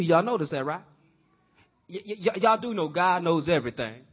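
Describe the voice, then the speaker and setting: A man's voice: high-pitched, expressive, moderate pace, lo-fi sound. A man preaching a sermon, addressing the congregation directly, repeating words as he builds his points and acting out the voices in the story. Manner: acts out quoted voices in dialogue.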